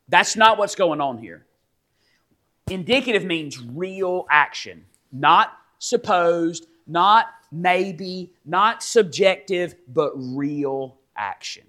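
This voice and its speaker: A male pastor preaching a sermon, animated and teaching, with sudden loud emphatic rises and frequent restarts. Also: on the high side. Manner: many repeated restarts and fillers. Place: church sanctuary.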